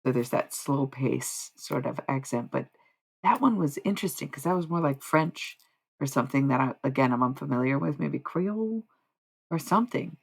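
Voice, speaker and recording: Low, gravelly-voiced woman musing aloud. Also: rough recording. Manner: musing, meandering, often restarts and corrects herself. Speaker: livestreamer and self-described medium. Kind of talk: rambling livestream monologue.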